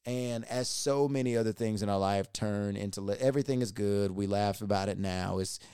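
A man hosting a podcast, lively as he retells a personal story and repeating words when excited. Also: fairly low pitch, moderate pace, clear, resonant tone, no room sound, clean studio sound. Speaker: podcast host.

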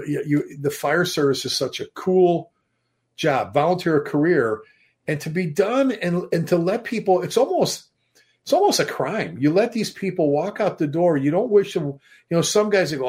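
A man's voice: a little high, animated, moderate pace, a little mellow, slightly rough. A middle-aged man, a fire chief and author, telling stories emphatically as a guest in a casual podcast talk, now and then swearing. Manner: storytelling, emphatic, mild swearing.

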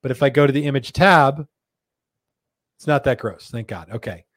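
A man's voice: medium pitch, moderate pace, a bit bright, no room sound. A man hosting a casual live chat show, laid-back and joking as he reads viewer comments aloud. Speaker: host. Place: company studio.

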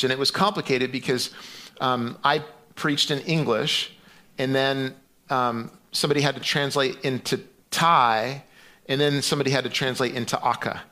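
Bright-voiced male pastor preaching casually. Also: medium pitch. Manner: conversational preaching with frequent restarts and fillers. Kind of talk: sermon.

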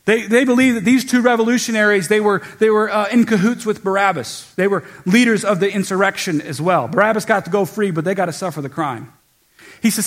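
A man preaching a sermon as pastor, teaching in an earnest tone and dropping low and soft when he quotes scripture. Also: fast.

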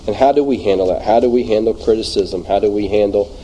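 A man with a Louisiana Southern US accent leading an informal church Bible study, talking in a halting way with many fillers and restarts. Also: on the low side, dark tone, slight background noise, rough recording.

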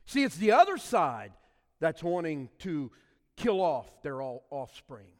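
Slow, animated preaching man in a church hall. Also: on the high side. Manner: emphatic preaching, stretching key words. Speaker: pastor. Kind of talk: sermon. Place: church sanctuary with congregation. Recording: long reverb of a church hall.

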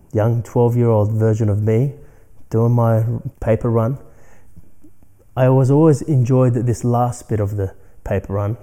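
A man with a very dark, mellow voice delivers a spiritual self-help monologue as a podcast host. He sounds earnest and reflective, moving between quiet, near-whispered lines and firmer emphatic ones. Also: mid-range voice.

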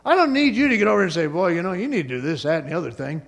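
A man's voice: high voice, expressive, very fast, gravelly. A man doing God, breezy and reassuring. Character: God, calm reassuring fatherly male deity.

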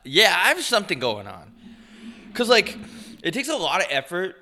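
A man's voice: sits high, huge pitch swings, normal speed, pushed and bright. A man with a congested, nasal voice, casually co-hosting a podcast, rambling, joking and swearing freely. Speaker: podcast co-host. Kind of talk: casual chat.

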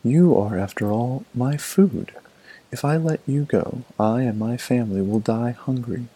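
A hungry hunter in a told folk tale speaks harshly and with scorn, as a male narrator takes on his voice. His tone is low, dark and gravelly, with a husky rasp. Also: lively intonation, normal speed, poor audio. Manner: harsh and mocking.

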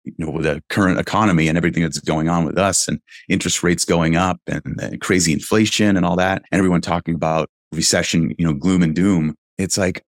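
Very deep-voiced man, earnest and dry. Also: fairly even intonation, a little fast, hardly any pauses, dry recording. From California. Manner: earnest, reflective, with frequent "you know" fillers. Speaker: interview guest, real estate investing founder. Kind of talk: casual conversational storytelling.

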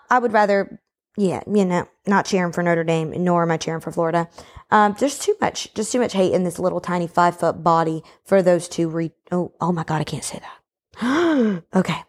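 A young woman hosting a solo podcast from home, ranting in a casual, emphatic way and peppering her talk with slang. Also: fairly low pitch. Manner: animated, emphatic, slangy ("bro", "baby"). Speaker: podcast host.

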